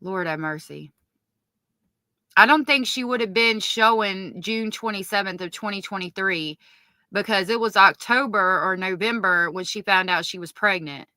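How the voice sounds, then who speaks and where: Bright-voiced woman commenting on a livestream. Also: mid-range voice, normal speed, no echo. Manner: reads text messages aloud in a subdued tone, then breaks into cursing outrage; stops to correct herself mid-read. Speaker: true-crime commentator. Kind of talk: livestream commentary reading court evidence.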